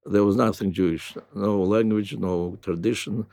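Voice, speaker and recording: An older man with a Russian accent, a native Russian speaker, answering interview questions in halting, reflective English. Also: fairly low pitch, fairly even intonation, gravelly, warm tone, no echo, studio quality. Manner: halting, restarts with "uh", non-native grammar. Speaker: guest.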